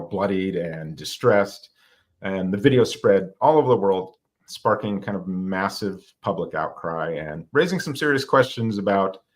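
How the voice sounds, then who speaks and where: A man co-hosting a business podcast, giving background in a conversational way and putting questions to his co-hosts. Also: lowish voice. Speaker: podcast co-host. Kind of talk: casual podcast discussion.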